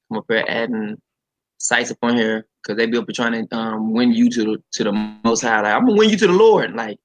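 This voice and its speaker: Forceful, emphatic livestream preacher man. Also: medium pitch, rough recording. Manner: emphatic, repetitive, talks straight to viewers; reads scripture aloud and comments on it.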